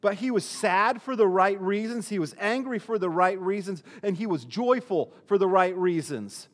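A man's voice: sits high, expressive, normal speed, long reverb tail. A male pastor preaching a sermon in a conversational way, often restarting his sentences and using fillers.

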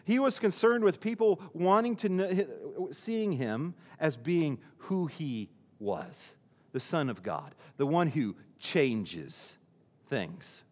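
A man's voice: fairly high pitch, sing-song, takes it slowly, a little mellow, big-room sound. A male pastor preaching a sermon in a conversational way, often restarting his sentences and using fillers.

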